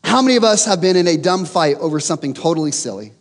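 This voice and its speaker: A man delivers a sermon in a church. His high voice leaps around as he tells a self-mocking story. A long reverb trails behind every line. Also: lively intonation, fast. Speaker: pastor.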